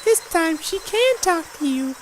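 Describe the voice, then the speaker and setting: In a rough recording with slight background noise, a woman uses a very high, expressive voice at a measured pace for fan voice acting of a game. She plays an eerie teenage girl stalking a frightened boy, sounding sweet, sing-song and menacing, creepy yet sweet.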